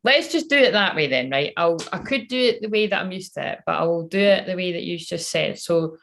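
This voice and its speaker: A woman with a lowish voice chatting casually on a live stream as a psychic reader. She talks in a loose, self-mocking way, drops swear words freely, and slips into quiet muttering and whispers to herself between remarks. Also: expressive, brisk, vocal fry. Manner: mutters and whispers to herself while fiddling with the phone.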